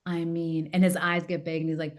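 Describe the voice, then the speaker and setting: Animated woman telling a personal story. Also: on the low side, brisk. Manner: animated, acts out quoted family members. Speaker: podcast guest, executive coach. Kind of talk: casual interview storytelling.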